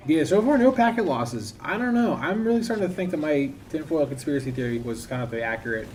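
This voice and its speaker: A man's voice: on the high side, expressive, quick pace, a little mellow, a little hiss or hum. A young man casually chatting while he plays a game on stream, rambling and self-critical, often trailing off. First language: English. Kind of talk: casual commentary while gaming.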